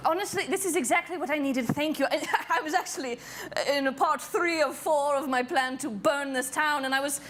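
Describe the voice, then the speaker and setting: A woman's voice: high voice, a little fast, few pauses, fairly bright tone. A woman on stage playing a haughty, wealthy noblewoman who plots to burn down a town, in live improv comedy. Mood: gushing. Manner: haughty, snobbish, cheerfully menacing. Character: greedy rich noblewoman villain plotting to burn town. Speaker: improv performer. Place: theater stage before live audience.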